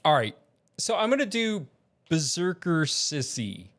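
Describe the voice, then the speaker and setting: A man's voice: fairly high pitch, very animated, measured pace, a bit bright. A man talking in a casual vlog as an aspiring voice actor, rambling and self-deprecating with many restarts.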